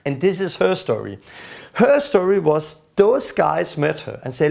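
Gravelly high-voiced male teacher. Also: big pitch swings, a little slow, a little mellow. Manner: storytelling, acts out the people he quotes. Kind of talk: teaching lesson.

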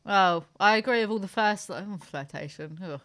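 A woman's voice: mid-range voice, normal speed, fairly bright tone. A woman hosting a podcast in casual banter, brash and jokey, swearing freely. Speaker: podcast host.

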